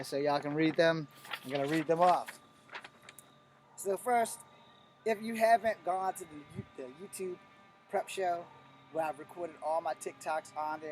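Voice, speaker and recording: On a live stream, a middle-aged martial arts instructor teaches in a blunt, emphatic way, swearing freely. His voice sits high.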